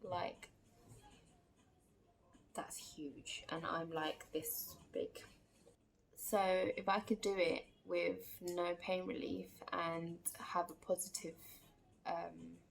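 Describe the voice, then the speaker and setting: A woman's voice: lowish voice, flat delivery, slow pace, creaky, slight background noise. A woman telling a personal story in a casual, chatty vlog, full of fillers and acted-out quotes. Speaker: vlogger.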